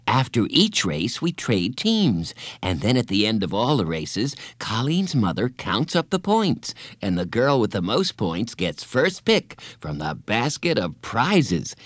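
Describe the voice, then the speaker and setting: A man's voice: fairly low pitch, wildly swooping pitch, a little slow, no room sound, studio quality, exaggerated voice. A man voicing Judy, an insistent, bossy young girl in a children's storybook who keeps cutting in. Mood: bossy, eager. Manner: insistent, talks over her friend.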